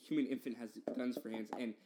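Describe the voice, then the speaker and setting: A man's voice: medium pitch, steady tone, fast, noisy background. A young man co-hosting a podcast, bantering and arguing goofy hypotheticals in a playful way. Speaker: podcast co-host. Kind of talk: casual banter.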